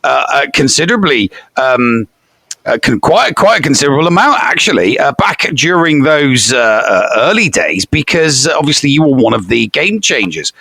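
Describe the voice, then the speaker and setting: A British man in casual podcast chat, rambling through restarts and fillers. His voice is bright and gravelly and swings widely in pitch. The sound is close and dry, with no room in it. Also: big pitch swings, normal speed, no echo. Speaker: podcast co-host.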